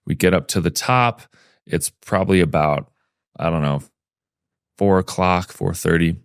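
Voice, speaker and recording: A man as a podcast guest, telling a personal story in a lively way and acting out the things people said. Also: low voice, measured pace, dry recording, studio quality. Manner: lively storyteller who acts out remembered dialogue.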